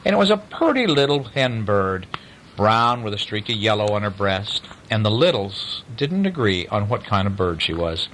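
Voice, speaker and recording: A man's voice: lowish voice, sing-song, normal speed, fairly bright tone, slight background noise, low-quality recording. A man reading a bedtime story aloud to a child, with coaxing asides to the listener.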